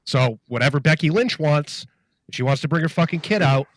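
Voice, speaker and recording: A man's voice: fairly high pitch, expressive, brisk, no echo. A man co-hosting a casual wrestling podcast, blunt and profane, often laughing.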